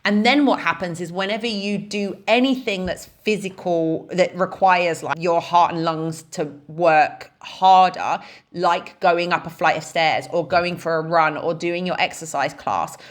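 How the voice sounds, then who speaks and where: Chatty woman fitness coach, low voice. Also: steady tone, unhurried. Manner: chatty, frequent "like" and "right?" fillers. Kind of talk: casual explanatory talk.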